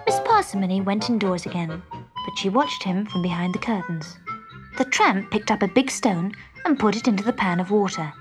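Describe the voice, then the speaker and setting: A woman narrating a children's storybook in an expressive, measured way. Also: mid-range voice, music in the background. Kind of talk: storybook reading.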